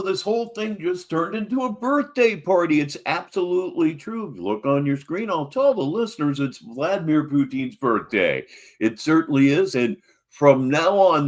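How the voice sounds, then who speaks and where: A male live stream host gives mocking commentary on clips. His pitch swings widely, set a little high. The delivery is animated throughout.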